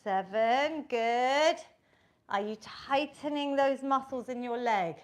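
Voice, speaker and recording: Woman fitness instructor with a high, unhurried voice, upbeat and encouraging as she counts reps for an online class. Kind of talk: live online workout instruction.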